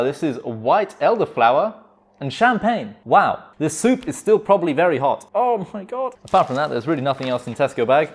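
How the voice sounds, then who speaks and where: A man hosting a casual cooking vlog at home, rambling and exclaiming with self-mocking humor. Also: a little high. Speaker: channel host. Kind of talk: casual vlog chat while cooking and eating.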